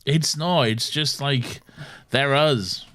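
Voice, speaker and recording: A man's voice: mid-range voice, slow, a bit bright. A man co-hosting a podcast, recapping in a laid-back, sweary, casual way. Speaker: podcast co-host. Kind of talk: casual chat.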